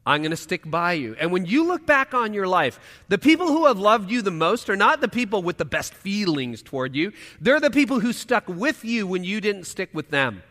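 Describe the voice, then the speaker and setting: A pastor preaching a sermon, swinging between loud emphatic lines and hushed quiet asides, in a church auditorium. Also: male voice, high-pitched, sing-song, normal speed, few pauses, long reverb tail.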